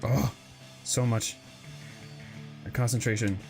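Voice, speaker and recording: A man's voice: medium pitch, flat delivery, takes it slowly, music in the background. Exclaiming, apologetic let's-play man. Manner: exclaiming, self-deprecating, apologetic. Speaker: gaming video host.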